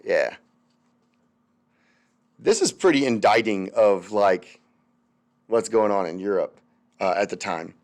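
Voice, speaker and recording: A man's voice: on the low side, lively intonation, takes it slowly, pauses often. A young man teaching a recorded history lecture over slides, chatty and loose, with many fillers and wry asides.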